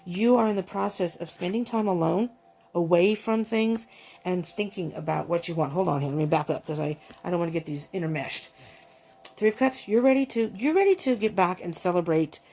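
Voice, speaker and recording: A woman doing a tarot reading, talking in a gushing, excitable way, often breaking off with exclamations and restarting her sentences. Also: on the low side, brisk. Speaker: tarot reader.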